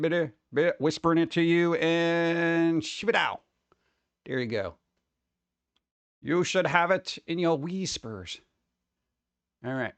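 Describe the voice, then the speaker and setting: A male streamer talks in a loose, rambling, joking way, reading chat messages as they come in. His voice sits fairly high for a man, and the sound is dry and close with little room to it. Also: smooth, no echo. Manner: rambling, jokey, reads chat aloud. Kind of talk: casual live-stream chat.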